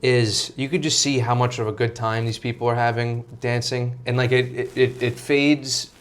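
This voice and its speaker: A young man hosting a casual movie chat, talking fast with lots of restarts and laughs. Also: mid-range voice, level tone. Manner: chatty, laughing, many restarts. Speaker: host.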